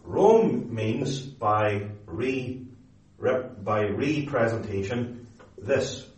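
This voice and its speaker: A man delivering a teaching sermon in a roomy, echoing hall. He leans hard on key words and slows down to draw them out, then correcting himself and pressing on. His voice sits at an ordinary middle pitch. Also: lively intonation, a little mellow. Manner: emphatic, deliberate, stretches key words, self-correcting. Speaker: preacher. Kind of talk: theological lecture-sermon.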